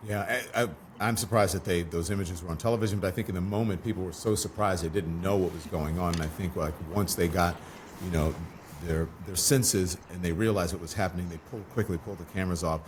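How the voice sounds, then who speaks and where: A man hosting an interview show, talking in an animated way with wry asides. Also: deep voice, fast talker, slight background noise. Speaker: talk show host. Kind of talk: casual interview talk.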